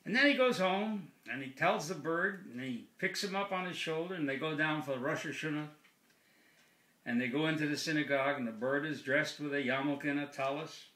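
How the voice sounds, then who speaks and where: A man telling a long joke in a relaxed, unhurried storytelling manner. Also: on the high side. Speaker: joke teller. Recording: echoey room.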